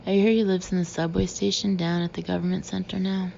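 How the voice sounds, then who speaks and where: Gruff bitter male cop, blunt and sarcastic, gravelly dark tone; a woman reads him. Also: fairly low pitch, little pitch movement, fast talker, muffled recording, slight background noise. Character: gruff bitter middle-aged male Boston detective.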